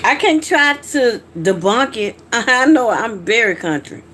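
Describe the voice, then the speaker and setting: A woman's voice: a little high, very animated, unhurried, a bit bright, slight background noise. A middle-aged woman from Georgia with a Southern accent, chatting frankly with viewers on her livestream and reacting to their comments. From Georgia, USA. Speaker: livestream host. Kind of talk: casual livestream chat reading comments.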